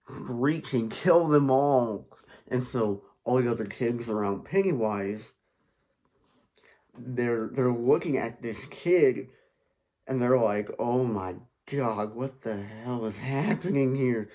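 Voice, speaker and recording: A man casually telling a story, rambling with frequent fillers and side comments. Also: mid-range voice. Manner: rambling, with many fillers and asides.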